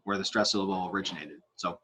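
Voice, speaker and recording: A man's voice: low voice, steady tone, fast talker, sharp tone, a little hiss or hum. A man teaching a grammar lesson, explaining step by step while he writes on a board, with frequent fillers and restarts. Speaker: Spanish teacher.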